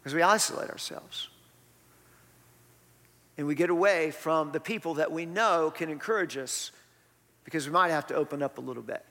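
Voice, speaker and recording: A man preaching in a church, his voice a touch higher than most men's. He talks to the congregation like a friend, firing off rhetorical questions. His words ring out with a long reverb through the hall. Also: normal speed, long pauses, bright, forceful tone. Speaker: pastor. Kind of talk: sermon.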